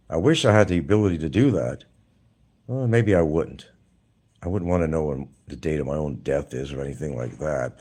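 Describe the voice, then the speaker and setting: A man's voice: rumbling low, a little mellow, husky. A man hosting a live stream, talking casually in a blunt, mocking way to his viewers. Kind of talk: casual livestream monologue.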